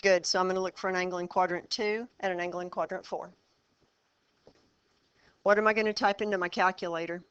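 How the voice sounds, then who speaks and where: A woman's voice: lowish voice, fairly even intonation, a bit bright, smooth, dull audio. A woman teaching a math class, quizzing her students and walking them through problems step by step. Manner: quizzing the class, brisk and encouraging. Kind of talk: classroom lesson.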